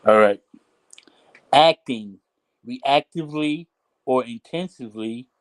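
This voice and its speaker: Male stream host, slow and repetitive, chatty and casual. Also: mid-range voice, rough recording. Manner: slow, repetitive, drawn-out talk with many restarts. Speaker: livestream host. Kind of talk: casual livestream chat.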